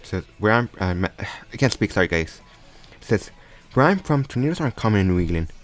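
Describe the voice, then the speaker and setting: A man's voice: low-pitched, lively intonation, a little fast. A man casually improvising a story aloud, often stumbling and restarting his sentences. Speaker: storyteller retelling a fan crossover story. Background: faint background music.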